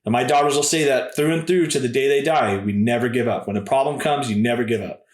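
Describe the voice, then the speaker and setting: A man's voice: medium pitch, fast talker, roomy sound. A man in his thirties, a podcast guest telling stories in a casual, laid-back way and often calling people "dude" and "man". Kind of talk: casual storytelling.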